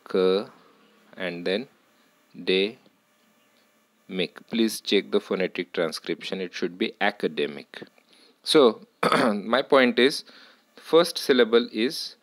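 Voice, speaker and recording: A man teaching a lesson on word stress, speaking deliberately, repeating words and correcting himself as he goes. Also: fairly low pitch, fairly bright tone, dry recording.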